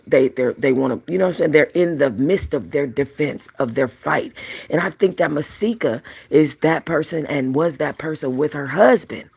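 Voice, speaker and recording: A woman's voice: low-pitched, gravelly, darkish tone, husky. A woman hosting a celebrity commentary show, talking in a chatty, rambling way with frequent restarts. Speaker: commentary channel host.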